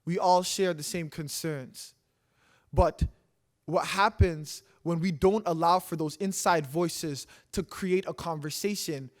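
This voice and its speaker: Young man, from Canada, high voice, earnest public talk, rhythmic repetition, stage microphone. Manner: earnest, rhythmic, repeating lines for emphasis. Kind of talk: spoken-word poetry and impassioned public talk. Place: live stage talk in a city hall.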